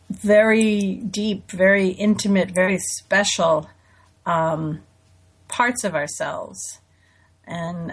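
Chatty woman radio host. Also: on the low side. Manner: chatty, self-deprecating, with fillers and laughs. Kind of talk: casual radio talk with readings.

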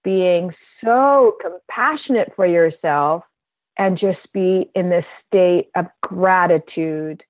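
A woman's voice: lowish voice, no room sound. A woman guest, a bodywork practitioner, telling a personal story in an earnest, heartfelt way. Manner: earnest, heartfelt, slow and reflective. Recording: tinny phone-like line, dry.

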